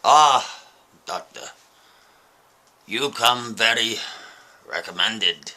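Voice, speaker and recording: A man voicing a confident, wealthy middle-aged man with a Russian accent, speaking slowly and in a low, self-assured way. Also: expressive, bright, forceful tone, exaggerated voice. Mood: smooth, ominous.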